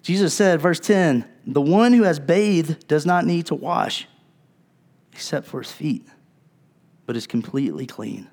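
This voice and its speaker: A man's voice: animated, unhurried, creaky. Conversational male pastor preaching a sermon. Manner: conversational, acts out quotes in voices; wide swings in loudness, drops low and soft for emphasis.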